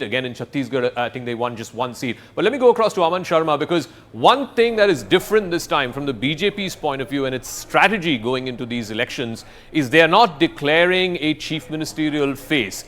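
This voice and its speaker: Male news anchor, slightly high. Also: fairly bright tone. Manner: brisk, questioning, introduces guests. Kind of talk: live studio news presenting. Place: television news studio.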